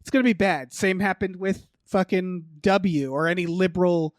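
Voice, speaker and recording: A man's voice: high voice, fairly even intonation, normal speed, dry recording, studio quality. A man co-hosting a podcast, chatting loosely about movie trailers with lots of fillers, profanity and laughs. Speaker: podcast co-host. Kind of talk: casual movie chat.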